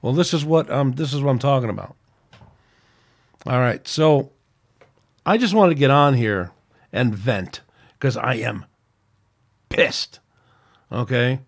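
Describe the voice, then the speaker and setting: A man's voice: mid-range voice, unhurried, creaky, long pauses. A man hosting his own podcast, venting angrily in a rambling, off-the-cuff rant with frequent restarts. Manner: angry, ranting, rambling with restarts. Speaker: podcast host.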